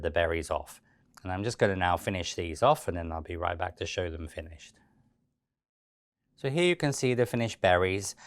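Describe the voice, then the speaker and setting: Low-voiced man teaching sugarcraft. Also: no room sound. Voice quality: chatty, many fillers and restarts. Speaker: cake decorating instructor. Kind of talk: relaxed step-by-step tutorial narration.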